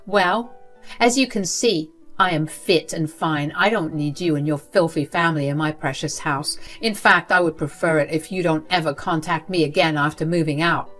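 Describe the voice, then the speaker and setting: A woman's voice: sits low, normal speed, a bit bright, faint music behind. A woman reading as a spiteful grandmother principal. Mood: contemptuous. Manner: cruel, dismissive. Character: cold, spiteful older woman school principal.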